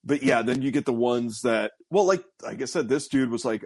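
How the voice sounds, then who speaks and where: A man, a comedian, chatting as a podcast guest, laughing easily and acting out quick bits. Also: mid-range voice, lively intonation. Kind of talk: casual chat.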